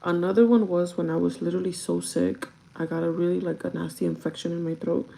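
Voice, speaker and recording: A woman's voice: fairly low pitch, steady tone, fast, vocal fry, warm tone, poor audio. A young woman chatting casually while getting ready, cursing freely and laughing often. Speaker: vlogger. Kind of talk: casual get-ready-with-me chat.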